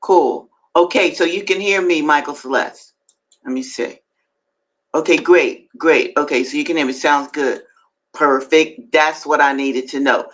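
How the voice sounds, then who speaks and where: A woman hosting a live-streamed reading, talking to viewers between passages and jumping up in pitch to stress her points. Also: unhurried, rough recording. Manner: emphatic, swings up high to stress points; chatty asides to viewers. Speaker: host and reader.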